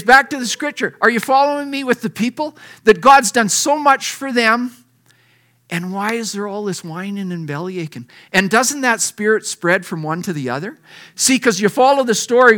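Folksy high-voiced preacher man. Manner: lively preaching, reads scripture aloud with acted lines; folksy and conversational. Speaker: pastor. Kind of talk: sermon.

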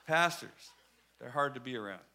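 A man preacher giving a humorous, animated sermon, swinging between hushed lines and shouted ones. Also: medium pitch, normal speed, creaky, slight background noise.

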